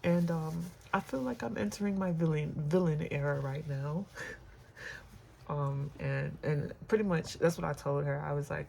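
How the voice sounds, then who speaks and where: Vlog host, unscripted personal talk, gravelly voice, candid, reflective, pauses and fillers. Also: mid-range voice, a little mellow, slight background noise.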